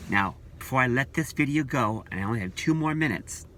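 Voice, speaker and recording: A man's voice: medium pitch, brisk, fairly bright tone, a little hiss or hum. A man vlogging about church leaders, talking in an earnest, repetitive, preachy way. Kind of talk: casual opinion vlog.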